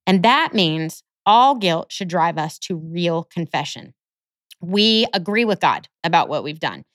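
A woman's voice: on the low side, sing-song, unhurried, no room sound. Earnest woman teaching the Bible, dry. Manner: earnest, teacherly, quotes scripture. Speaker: host of a Christian podcast. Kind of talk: scripted Bible teaching monologue.

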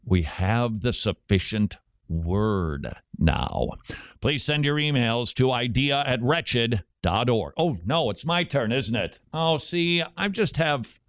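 A man hosting a radio show, answering listener questions in a lively, chatty way. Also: mid-range voice, no echo, studio quality.

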